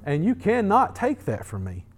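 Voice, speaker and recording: A middle-aged pastor preaches a sermon conversationally in a high-pitched voice with huge pitch swings, at a moderate pace. He often repeats words as he builds emphasis.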